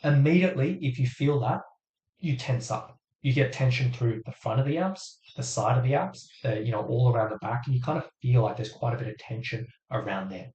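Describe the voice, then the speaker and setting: A man coaching viewers through a live Q&A on a stream, talking casually and step by step with frequent ums. His voice is getting hoarse after a long session. The room gives off a noticeable echo. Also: mid-range voice, a little fast, a little mellow. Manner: chatty, explains step by step with many fillers. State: voice going hoarse. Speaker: fitness coach hosting a live Q&A. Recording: roomy echo.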